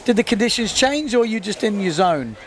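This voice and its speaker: Brit guy doing live sports commentary, kinda high voice, bit of outdoor noise behind. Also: lively intonation. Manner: chatty, quick to laugh.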